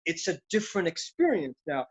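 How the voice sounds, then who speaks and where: A man's voice: a little high, sing-song, a little fast. A middle-aged man, an actor, talking in a reflective, philosophical, street-casual way in an interview. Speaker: actor guest. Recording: dull lo-fi sound.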